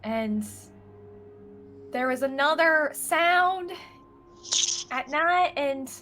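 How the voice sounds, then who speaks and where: A woman's voice: high voice, animated, bright, forceful tone, voice pushed up, heavily acted. A woman playing a timid, rambling young sister. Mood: anxious. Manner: rambling, halting, nervous. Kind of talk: in-character tabletop role-play.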